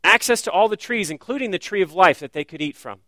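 A man's voice: high-pitched, expressive, quick pace, pushed and bright, no room sound. A man preaching a sermon as pastor, earnest and direct, often driving points home with rhetorical questions.

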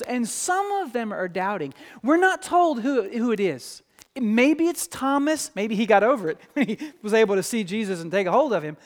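A man preaching a sermon in a church, animated and acting out quoted voices. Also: extremely high pitch. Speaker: pastor. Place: church sanctuary. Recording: long hall reverb.

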